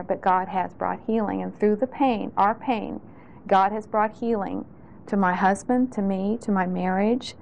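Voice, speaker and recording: A woman's voice: medium pitch, a little mellow, slight background noise, poor audio. A middle-aged woman giving an earnest, heartfelt spoken testimony in a sermon, often restarting her phrases. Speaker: speaker sharing testimony.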